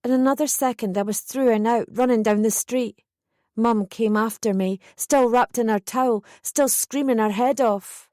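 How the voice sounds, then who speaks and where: A woman narrates a first-person audiobook in a steady, measured voice. Her voice sits fairly high, and she reads close to the mic. The recording is dry, with no room echo.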